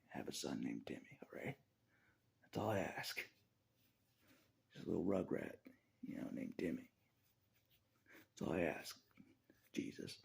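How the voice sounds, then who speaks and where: A man talking straight to the camera in a rambling casual monologue, often laughing and ranting out loud at God. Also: low-pitched, vocal fry, husky. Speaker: vlogger.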